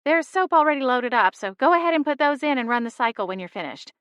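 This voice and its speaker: A kind middle-aged mom winding down after a ten-hour nursing shift, voiced by a woman narrator. She is warm in words and friendly, lifted a little higher than the reader's own voice. The read is dry and close, with no room sound. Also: animated, fast, smooth, no room sound. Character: kind tired middle-aged mother, a nurse.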